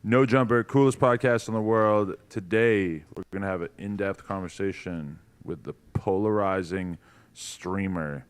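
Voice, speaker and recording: A man's voice: low-pitched, unhurried, smooth. A man hosting a podcast, opening it in a hyped, announcer-like way. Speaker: podcast host. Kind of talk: podcast intro.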